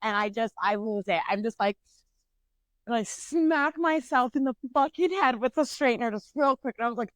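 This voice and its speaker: A young woman co-hosting a podcast, telling a story in a blunt, animated way and swearing constantly. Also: a little high, moderate pace, no echo. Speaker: podcast co-host.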